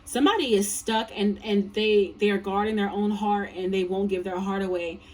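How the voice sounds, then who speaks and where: A woman's voice: medium pitch, steady tone, normal speed, darkish tone, far from the mic. A tired woman giving a casual tarot reading, blunt and profane, rambling with lots of fillers. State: tired, yawning. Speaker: tarot reader.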